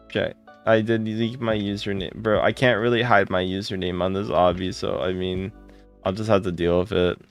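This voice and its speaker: A man with a gravelly, creaky voice chats casually on a live game stream. He greets viewers one by one and gushes with thanks. Faint music plays behind him. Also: sits low, normal speed. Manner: greets viewers by name, excitable and gushing.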